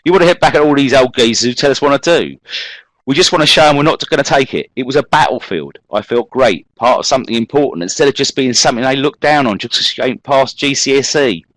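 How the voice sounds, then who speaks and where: A brash, defiant young tearaway with a London accent, as a lecturer puts him on. He talks fast and boastful, swinging his pitch up high and hard, with dry, close sound. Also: animated, a bit bright, no echo, lightly acted, low-quality recording.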